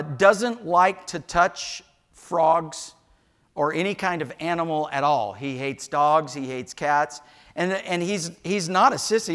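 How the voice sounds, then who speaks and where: An older man, a pastor preaching a sermon in church, telling homespun stories and joking with the congregation. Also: a little high. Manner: animated storytelling with asides to the congregation. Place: church sanctuary.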